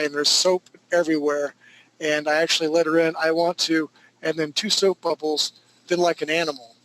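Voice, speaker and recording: A man's voice: a little high, a bit bright, rough recording. A man teaching a live concept-art class, chatting casually and rambling through jokey stories and asides.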